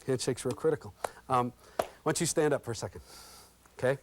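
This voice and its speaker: Animated man coaching a workshop. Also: mid-range voice, fast talker, noisy background. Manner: lively and interactive, checks in with "okay?" constantly; folksy and animated, acts out examples. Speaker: interview skills workshop trainer. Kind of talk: live workshop talk with role-play demonstrations.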